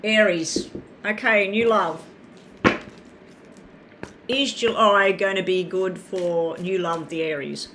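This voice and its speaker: A woman's voice: medium pitch, fairly even intonation, slow pace, pauses often, noisy background. A woman giving live tarot readings, talking in a chatty, rambling way and addressing viewers by name. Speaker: tarot reader.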